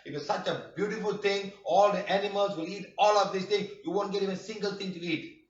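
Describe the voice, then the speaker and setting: Emphatic high-voiced man. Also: steady tone, fast talker. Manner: emphatic, shouting, with many rhetorical questions. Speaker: healing workshop teacher. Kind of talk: classroom lecture. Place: workshop room. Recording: roomy, distant, dull lo-fi room recording.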